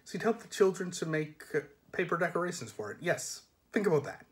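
A man reading a novel aloud in a measured storybook manner, sometimes dropping soft. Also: fairly high pitch, very animated. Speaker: reader.

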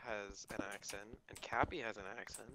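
A man's voice: fairly low pitch, fairly even intonation, moderate pace, sharp tone. A young man chatting casually over voice chat while gaming, rambling through stories with lots of "like". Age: young adult. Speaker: gamer.

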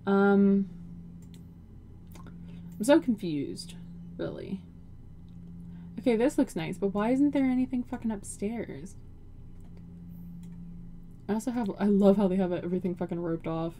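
A woman's voice: mid-range voice, lively intonation, measured pace, pauses often, dark tone, a little hiss or hum. A young woman giving casual, profane, joking commentary over a life-simulation game and talking to her character. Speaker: gaming video host.

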